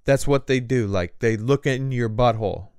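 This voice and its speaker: A man's voice: mid-range voice, normal speed, clean tone, no echo, clean studio sound. A young man co-hosting a podcast, telling crude stories in casual banter with lots of swearing and laughter. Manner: lively storytelling with swearing and laughter. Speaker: podcast co-host.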